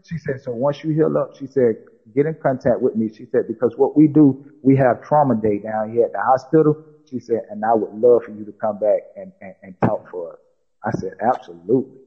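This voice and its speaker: A man's voice: medium pitch, fairly quick, husky, lo-fi sound. A man from South Carolina, a podcast guest recounting a personal story and quoting others with many "she said" tags. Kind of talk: storytelling in conversation.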